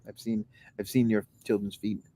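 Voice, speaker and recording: A man's voice: on the low side, little pitch movement, moderate pace, dark tone, slight background noise. Dry, teasing man podcast co-host. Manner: dry teasing, hesitant with ums. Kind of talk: casual comedic chat.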